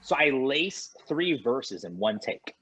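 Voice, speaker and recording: A man guest on a podcast, telling a lively anecdote and acting out the dialogue of others. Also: medium pitch, slow pace, breathy edge, rough recording. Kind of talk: animated storytelling in conversation.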